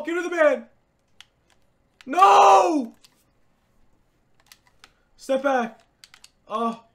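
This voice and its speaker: A high-pitched man with a bright, ringing voice calls his own video game match as a gaming creator. He talks at an unhurried pace, drops to muttering, then bursts into shouts and loops his catchphrases over and over. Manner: excitable, swings between muttering and shouting; repeats catchphrases. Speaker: gaming YouTuber. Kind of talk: live gameplay commentary.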